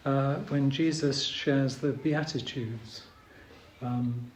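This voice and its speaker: A man giving a dharma talk as a Zen teacher, hesitant with many pauses and ums, gently humorous. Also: mid-range voice, steady tone, a little hiss or hum. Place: retreat meditation hall. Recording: roomy hall with faint ambience.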